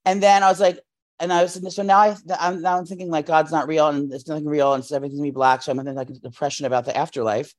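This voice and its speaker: A man's voice: on the high side, racing. A man in his thirties co-hosting a podcast, telling long rambling stories in casual chat with lots of fillers. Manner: rambling, animated storytelling with many fillers. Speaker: podcast co-host.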